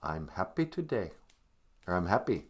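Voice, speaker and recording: A man's voice: sits low, very animated, normal speed, breathy edge. A man hosting a comic live-stream podcast, teaching language phrases in a joking, self-mocking way. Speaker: podcast host teaching Ojibwe.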